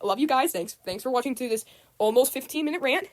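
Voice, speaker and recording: A woman's voice: sits high, lively intonation, fast, no echo. A teenage girl, upset, rambling through a casual rant to camera, repeating herself with lots of ums. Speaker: student vlogger.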